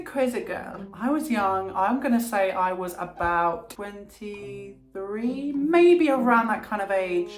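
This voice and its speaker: Brash woman telling a story. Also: medium pitch. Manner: animated, brash, acts out quotes. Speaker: vlogger. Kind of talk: storytime vlog. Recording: echoey room with background music.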